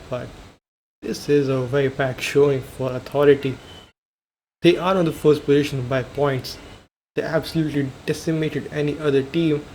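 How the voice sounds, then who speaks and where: A man's voice: fairly high pitch, a little mellow, slight background noise, rough recording. A young man giving casual play-by-play commentary over a video game, thinking aloud and correcting himself as he goes. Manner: thinks aloud, self-corrects, rambling asides. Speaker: gaming commentator.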